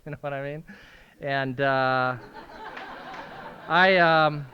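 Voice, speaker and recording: A man sharing his recovery story at a meeting, swinging from hushed, tearful moments to loud laughing outbursts. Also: a little high, clean tone, muffled recording. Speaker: AA speaker. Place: meeting room at a school.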